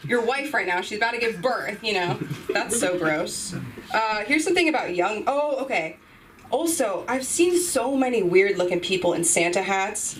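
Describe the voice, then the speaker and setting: At a comedy club open mic she hosts, a young adult woman does a rambling, self-deprecating set with sudden yelps. Her medium-pitched voice has lively intonation and a moderate pace. She's recorded from a distance, off mic, amid crowd noise in a noisy room.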